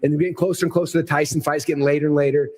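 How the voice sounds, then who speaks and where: A middle-aged man speaking on stage to a live audience, telling a long rambling story in an excited, playful way. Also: fairly high pitch, rapid-fire. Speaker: keynote speaker.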